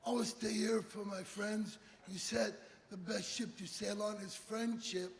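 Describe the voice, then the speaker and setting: A man's voice: high voice, steady tone, unhurried, vocal fry, pitched above the performer's own voice. A man voicing a joyful, loyal little girl runner in a large hall. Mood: earnest.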